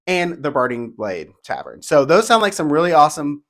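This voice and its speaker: A man talking casually and enthusiastically as a theme park vlogger, partly reading descriptions aloud in a rapid-fire, chatty way. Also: a little high, big pitch swings, fairly bright tone.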